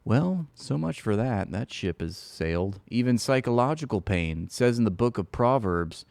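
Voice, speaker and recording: A man's voice: medium pitch, lively intonation, moderate pace, vocal fry, darkish tone, no echo. A man streaming, reading an article aloud with sarcastic, mocking running commentary. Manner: sarcastic, mocking, frequent laughs.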